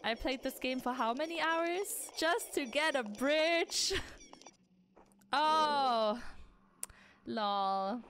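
A woman streamer giving excitable let's-play commentary, gasping and laughing as she reacts to the game. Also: high voice, very slow, pauses often. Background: game music.

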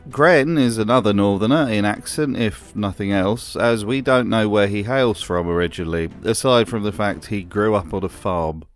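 A man's voice: lowish voice, normal speed, few pauses, soft background music. A man narrating a scripted commentary video with a dry, sardonic manner.

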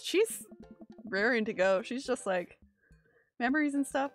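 A woman's voice: on the high side, expressive, measured pace. A woman streamer making playful, giggly asides while reading a game aloud. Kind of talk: casual gameplay commentary. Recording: quiet music under the voice.

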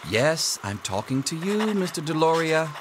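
A dry, wry schoolteacher. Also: male voice, on the high side, big pitch swings, normal speed, noisy background. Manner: dry, sardonic. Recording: game audio with clear background music.

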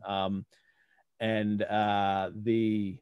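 A man hosting a live online book discussion, reading closely and talking with animated swings in pitch over a video call. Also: extremely slow, smooth, no echo, highs cut off. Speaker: host.

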